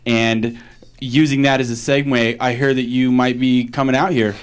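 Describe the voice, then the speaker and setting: A man's voice: mid-range voice, little pitch movement, moderate pace, smooth. A man hosting a casual interview, asking rambling questions and laughing easily. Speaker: host.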